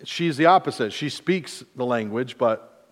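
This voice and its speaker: Speaking a little slowly in a mid-range voice with lively intonation, a pastor in his forties from mid-Michigan gives a conversational sermon full of self-deprecating humor and acted-out quotes. The recording has a big-room sound.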